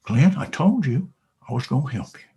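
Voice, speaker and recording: A man's voice: mid-range voice, sing-song, normal speed, vocal fry, dark tone, husky, muffled recording, heavily acted. A man voicing Bessie, a kind talking farm cow, in a coaxing, soothing way during a spoken story. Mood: reassuring.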